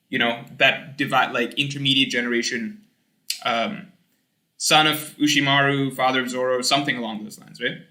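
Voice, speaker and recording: A young man streaming, reading chat aloud and rambling in casual, animated talk with some swearing. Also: medium pitch, echoey room.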